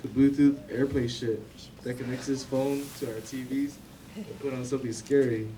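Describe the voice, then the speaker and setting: A man's voice: mid-range voice, steady tone, moderate pace, warm tone. A young man giving an informal eulogy for a family member, rambling with lots of fillers and laughing between stories. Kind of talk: informal memorial speech. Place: memorial gathering room. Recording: distant mic with clear background noise.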